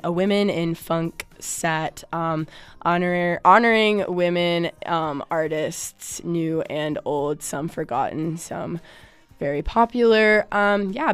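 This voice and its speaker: A young woman radio DJ with a hoarse voice, signing off her show in a laid-back way with lots of "um"s. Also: fairly low pitch, no room sound. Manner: laid-back, frequent "um" fillers. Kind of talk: casual on-air sign-off. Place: radio studio.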